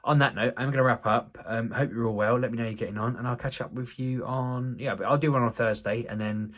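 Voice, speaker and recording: A man's voice: medium pitch, steady tone, fairly quick, a bit bright. A man, talking casually to camera in a rambling, self-deprecating way with many restarts. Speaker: vlogger. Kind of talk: casual vlog talk to camera.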